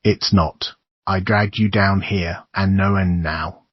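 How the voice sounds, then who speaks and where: A man reading an audiobook, voicing a desperate young woman who speaks in a choked, despairing way with a husky voice. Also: deep voice, fairly even intonation, slow pace, no echo, highs cut off, exaggerated voice.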